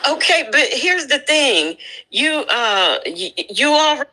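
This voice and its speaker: A woman's voice: sits high, big pitch swings, unhurried, bright, forceful tone, slight background noise, low-quality recording. A woman hosting a livestream, with a voice that sounds old, bossily directing her co-host. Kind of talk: casual livestream talk.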